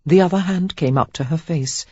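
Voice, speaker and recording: A woman narrating a romance audiobook in an expressive, steady storytelling manner. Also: deep voice, moderate pace, husky, no echo, lo-fi sound. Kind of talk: scripted narration.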